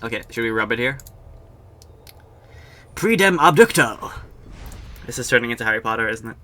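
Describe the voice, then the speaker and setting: A man's voice: lowish voice, completely flat delivery, racing, pushed and bright. A young man giving casual, jokey gameplay commentary as a streamer, chatting with his viewers. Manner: chatty, jokey, talks to chat. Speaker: game streamer.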